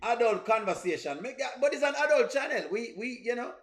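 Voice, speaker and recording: High-pitched man riffing playfully. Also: lively intonation, brisk, a bit bright. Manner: playful, laughing, repetitive riffs. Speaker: reaction video host. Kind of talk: comic reaction commentary. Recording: roomy echo.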